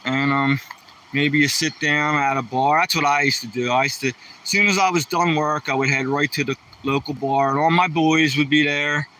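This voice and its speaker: A man's voice: on the high side, fairly even intonation, normal speed, sharp tone, far from the mic, a little hiss or hum. A man hosting a casual livestream, rambling through corny jokes and mocking himself. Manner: rambling, self-mocking joke teller. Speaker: livestream host. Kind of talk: casual joke-telling livestream.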